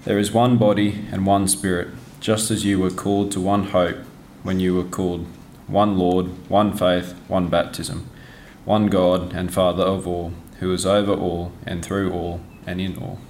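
A man reading a scripture passage aloud in a measured cadence to a congregation. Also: low-pitched, level tone, darkish tone, a little hiss or hum. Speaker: scripture reader.

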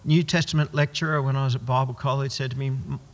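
A man's voice: mid-range voice, level tone, fast. A man preaching a sermon as pastor, emphatic and posing rhetorical questions he answers himself. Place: church. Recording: long church hall reverb.

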